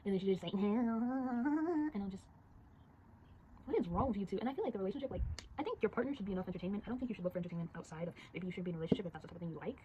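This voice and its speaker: A teenage girl chatting casually and rapidly, telling a story while drawing and acting out the voices of the people in it. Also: medium pitch, expressive, lo-fi sound, a little hiss or hum. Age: teens. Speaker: storyteller vlogger.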